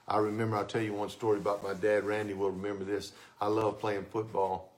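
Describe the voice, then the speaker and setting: A male pastor preaching a sermon with fervent energy that sometimes drops to soft, intimate tones, speaking on a microphone in a church sanctuary. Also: lowish voice, a little fast. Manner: fervent, rising to excited shouts then dropping to soft, intimate tones.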